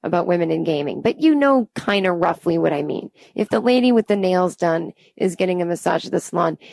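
A woman's voice: lowish voice, expressive, fairly quick, creaky, darkish tone, no echo. A woman in her thirties, a podcast host telling a comic story in an exasperated, rambling and self-deprecating way. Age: 30s. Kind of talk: comedic storytelling monologue.

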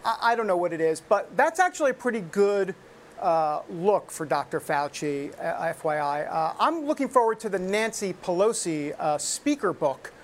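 A woman's voice: on the low side, expressive, normal speed, a little hiss or hum. A woman hosting a casual political talk show, chatty and often laughing as she reads. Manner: chatty, laughs while reading.

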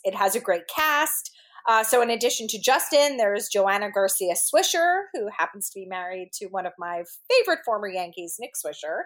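A woman co-hosting an interview podcast, cheerful and quick to laugh. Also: medium pitch, lively intonation. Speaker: podcast co-host. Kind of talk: casual interview chat.

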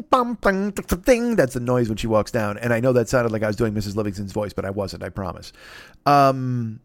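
A man hosting a comedy podcast, telling a long profane story in a rambling, animated way, full of restarts and asides. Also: mid-range voice, vocal fry, no room sound, studio quality. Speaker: podcast host.

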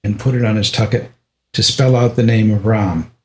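An older man telling a personal story in an interview, halting with restarts and often dropping to a soft voice. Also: lowish voice, steady tone.

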